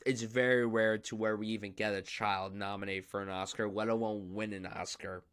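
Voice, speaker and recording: Bright-voiced enthusiastic male podcast host. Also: lowish voice, flat delivery, moderate pace, smooth. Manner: enthusiastic, emphatic opinions. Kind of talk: casual film discussion.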